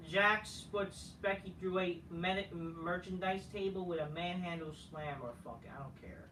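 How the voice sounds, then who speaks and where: A man's voice: sits high, sharp tone. A man giving a casual ranting review of a wrestling show, profane, dismissive and rambling. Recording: roomy, faint noise, from a distance.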